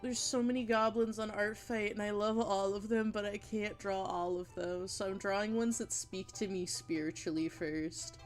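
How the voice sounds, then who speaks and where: A woman chatting casually on a livestream while she draws, gushing and giggling, with bursts of excitement and casual swearing. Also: medium pitch, normal speed, few pauses, soft background music. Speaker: art streamer.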